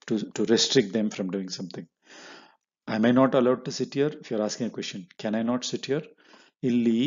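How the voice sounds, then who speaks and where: A man's voice: fairly low pitch, a little mellow. A man teaching a language from slides, explaining step by step and checking in with "right?". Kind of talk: slide-based language lesson. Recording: dull lo-fi audio.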